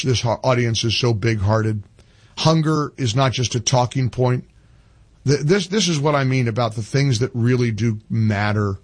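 An older man hosting a radio talk show, ranting with rising passion and repeating himself. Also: no echo. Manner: impassioned, climbs high when ranting, repeats phrases.

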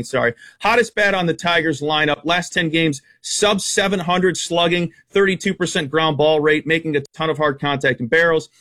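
A man working as a sports betting analyst, reeling off stats quickly and giving emphatic, opinionated takes in casual radio talk. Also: fairly high pitch, fairly bright tone. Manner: rapid-fire stat-heavy, emphatic and opinionated.

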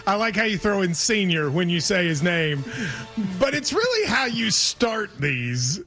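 A man with a high, lively voice hosts a sports segment, teasing his co-host in loose banter. His tone is bright, with faint music behind him. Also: measured pace. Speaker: show host. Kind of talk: casual studio banter.

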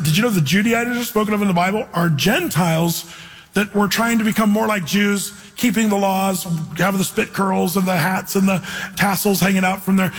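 Preaching in a large hall, this man has a high, slightly rough voice and the recording quality is poor. His sermon is conversational and earnest, full of scripture quotes and put-on voices to drive his points home.

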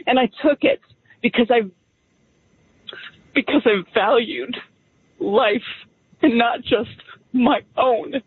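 A woman's voice: high voice, breathy edge. A woman calling in to a radio show, speaking firmly and from the heart. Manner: firm, heartfelt testimony. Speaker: caller. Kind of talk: call-in radio talk. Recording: tinny phone line.

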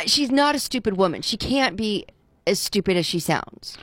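A woman's voice: mid-range voice, expressive, moderate pace, dry recording, studio quality. A woman co-hosting a talk radio show, chatting casually and voicing exasperated, outspoken opinions. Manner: opinionated, exasperated, repeats herself. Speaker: radio co-host.

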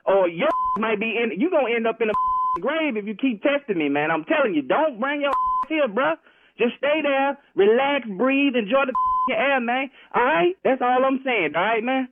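A man's voice: extremely high pitch, lively intonation, moderate pace, dry recording. A man threatening a caller on the phone over his wife, repeating "man" as he warns him off. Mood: warning. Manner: threatening, protective, keeps saying man. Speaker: prank call victim. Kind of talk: heated phone argument. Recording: tinny phone line.

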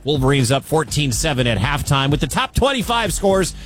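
A man's voice: a little high, sing-song, brisk, a bit bright, faint music behind. A man from the American Midwest hosting a sports radio show, chatting through college football scores and coach clips. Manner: conversational, chatty asides. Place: radio studio.

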